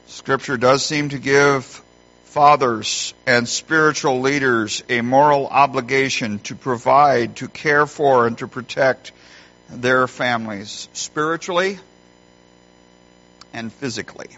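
A middle-aged man preaching a sermon as a pastor, emphatic and animated when telling stories. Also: medium pitch, slow pace. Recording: dull lo-fi sound.

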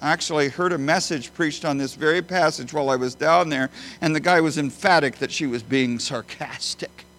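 A man preaching a sermon as a pastor, emphatic, swinging between loud high bursts and quiet low phrases. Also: brisk, hardly any pauses. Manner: emphatic, with big swings in pitch and loudness.

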